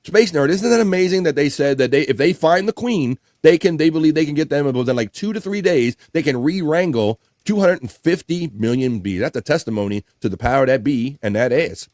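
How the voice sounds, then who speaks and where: A man's voice: on the high side, fairly quick, few pauses, no room sound, clean studio sound. A man hosting a live stream show, casually reading out viewer comments with jokes and frequent laughter. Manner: animated and jokey, laughs often. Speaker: livestream show host.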